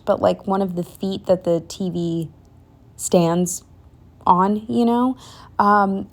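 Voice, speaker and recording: A young woman talks casually over her planner pages, drifting off on tangents with plenty of ums and likes. Her voice sits on the low side for a woman and keeps sliding into a gravelly fry. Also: a little mellow. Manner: chatty, rambling with many ums and likes. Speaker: planner vlogger.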